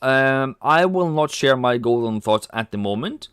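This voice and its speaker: A man's voice: medium pitch, lively intonation, measured pace, a bit bright, clean tone, no room sound, studio quality. A man hosting a casual trading livestream, chatty, reading viewer comments aloud and cracking jokes. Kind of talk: casual live-stream chat.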